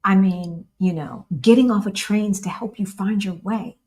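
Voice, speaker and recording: A woman's voice: medium pitch, normal speed, hardly any pauses, a little mellow. An American woman hosting a casual livestream with her partner, chatting and answering viewer questions. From United States. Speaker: co-host of a livestream.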